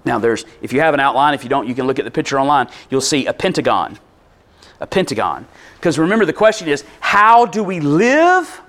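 A man preaching a sermon, telling a story with animated delivery and loudly acting out quotes. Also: mid-range voice. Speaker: pastor.

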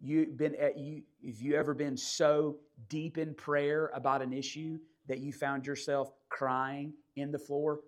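A man preaching a sermon, telling a personal story in a conversational way that swings from hushed asides to loud bursts. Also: on the high side, little pitch movement, unhurried, few pauses. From South Georgia, USA. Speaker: pastor.

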